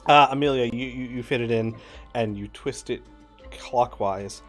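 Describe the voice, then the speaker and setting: A man narrating as game master in a relaxed way, with many fillers. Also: mid-range voice, moderate pace, faint music behind.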